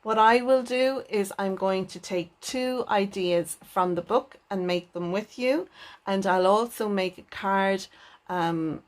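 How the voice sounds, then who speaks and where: Woman host, unhurried crafting unboxing read, soft and admiring. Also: mid-range voice. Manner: gentle, enthuses with repeated "lovely". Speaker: papercraft channel host. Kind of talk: unboxing video.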